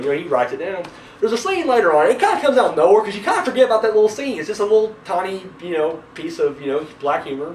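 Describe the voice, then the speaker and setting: A young man reviewing horror movies in a rambling, excitable, profane way, swearing constantly. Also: a little high, slight background noise. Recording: echoey room, mic at a distance.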